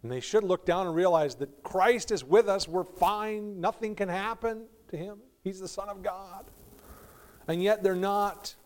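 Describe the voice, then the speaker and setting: A male pastor preaching a sermon, swinging from quiet reflection to loud, pleading emphasis, with warm laughs between points. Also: high voice, unhurried.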